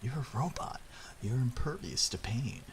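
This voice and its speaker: A man voicing a proud, fussy old male robot scientist, a little higher than his own voice, speaking emphatically. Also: lively intonation, moderate pace, a little hiss or hum, lightly acted.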